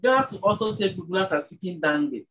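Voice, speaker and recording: A speaker from Ghana, patiently explaining the language as an interview guest and slowing down to sound out words. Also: mid-range voice, expressive, a bit bright, poor audio. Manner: teacherly, slows down to sound out words.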